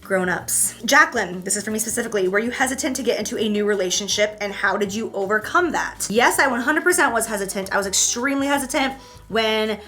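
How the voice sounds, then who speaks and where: A woman hosting a casual couple Q&A chat, animated and quick to act out her stories. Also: mid-range voice, soft background music. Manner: animated, acts out voices and stories. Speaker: host.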